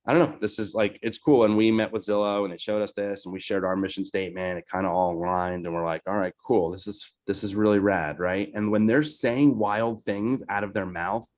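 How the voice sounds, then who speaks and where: A real estate team leader with a New Jersey accent runs a casual sales-call training, loose and chatty, often asking "right?" His fairly low, darkish voice keeps a fairly even intonation and moves a little fast with hardly any pauses.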